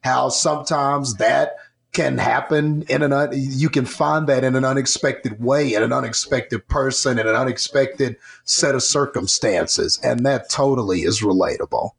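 Gravelly-voiced male podcast host. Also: medium pitch. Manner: measured and appreciative, with frequent "you know". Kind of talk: casual interview chat.

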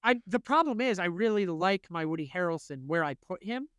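A man co-hosting a podcast in casual chat, animated and quick to laugh. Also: sits high, smooth, no room sound, studio quality. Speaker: podcast co-host.

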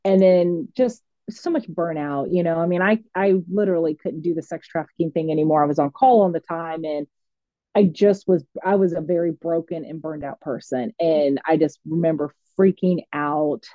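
A woman counselor in her thirties telling her story in a candid, lively, casual way, often acting out what others said. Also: sits low, moderate pace, no room sound. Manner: lively, candid, acts out quoted voices. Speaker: licensed mental health counselor. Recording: dry, slightly dull sound.

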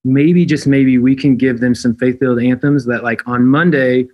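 Earnest, animated male worship leader. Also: mid-range voice, moderate pace, highs cut off. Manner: earnest, animated, repeats phrases. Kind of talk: casual interview chat.

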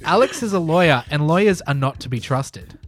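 A man's voice: a little high, animated, a little fast. Mock-solemn male podcast host, faint music. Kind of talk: mock-formal quiz hosting.

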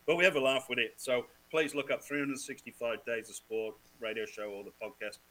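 A man from Wales, a guest on a sports podcast, telling lively stories, swearing freely and laughing often. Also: medium pitch, a little fast, a crowd in the background, low-quality recording. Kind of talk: casual chat.

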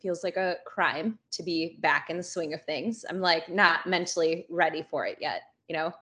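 A woman's voice: on the low side, normal speed, sharp tone. A young woman guesting on a podcast in casual chat, chatty with wry complaints.

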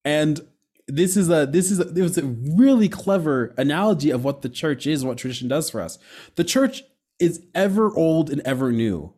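A young man hosting a casual conversation on faith, animated and quick, with frequent asides and self-corrections. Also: a little high, husky.

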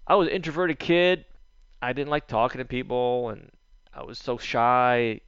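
A man's voice: mid-range voice, moderate pace, clear, resonant tone, no echo, lo-fi sound. A man, a magician, chatting casually in an interview and acting out the voices of people in his stories. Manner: animated storyteller acting out quoted voices.

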